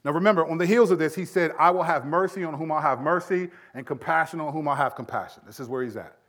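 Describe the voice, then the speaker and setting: A middle-aged male pastor preaching a sermon, animated, acting out everyday dialogue as he teaches. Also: on the high side, quick pace.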